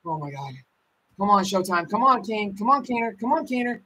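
A man with a high, bright voice streams his reaction to a tense game, fretful and repetitive. Slight background noise sits under his voice. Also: brisk, poor audio. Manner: anxious, excitable, repeats phrases over and over. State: out of breath. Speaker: streamer hosting a hockey watch-along. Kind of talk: live reaction commentary.

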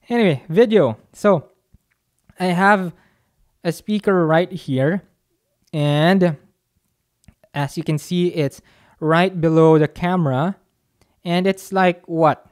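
A man's voice: fairly high pitch, darkish tone. A man reviewing a microphone in a casual demo at a home recording setup. He talks close to a dynamic studio mic in a chatty, offhand way and pokes fun at himself. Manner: chatty and offhand, with self-mocking asides. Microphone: dynamic studio mic, talking close.

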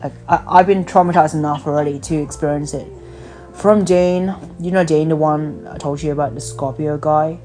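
With a low, dark voice and fairly even intonation, this podcast host talks at a moderate pace over faint background music. She's on the phone in a rambling, blunt, casual conversation, cursing without restraint.

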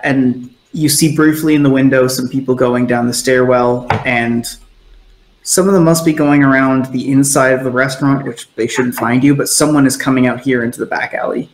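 A man narrating a tabletop role-playing game as game master, in a loose, descriptive storytelling way. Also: medium pitch. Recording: echoey room.

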